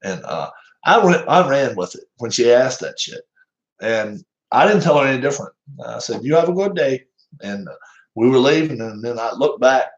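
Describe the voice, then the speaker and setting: A man's voice: mid-range voice, lively intonation, normal speed, muffled recording. A man with a Southern American accent, casually calling the plays of a tabletop baseball replay, rambling and chuckling often at himself. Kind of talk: casual play-by-play chat.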